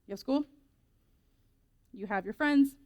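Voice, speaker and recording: Speaking to teens in a lively, casual youth group session, a high-pitched woman reads from scripture and performs quick quoted voices.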